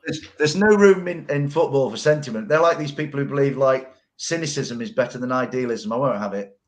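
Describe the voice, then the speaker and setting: A man with a mid-pitched voice talks football as a podcast guest. He rambles earnestly, with colourful phrasing and plenty of restarts. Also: fast talker. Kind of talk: casual football podcast chat.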